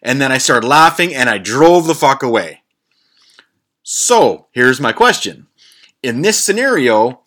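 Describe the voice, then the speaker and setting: A male podcast host telling a story in a loose, rambling monologue. He swears freely, stumbles over his words and tosses in jokes as he goes. His voice sits at an ordinary, average pitch for a man. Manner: profane, rambling, with many fillers and restarts; animated, jokey.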